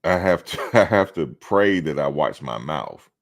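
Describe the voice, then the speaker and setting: A man's voice: rumbling low, very animated, a little slow, vocal fry. A man hosting a live stream, talking casually and bluntly, outspoken and swearing freely.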